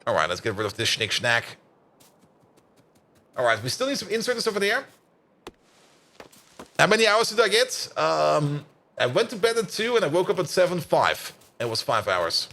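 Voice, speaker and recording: A man's voice: a little high, big pitch swings, normal speed, pauses often, sharp tone. A tired man streaming a factory-building game, chatting and rambling as he plays, with frequent laughs and casual swearing. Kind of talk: casual gameplay commentary.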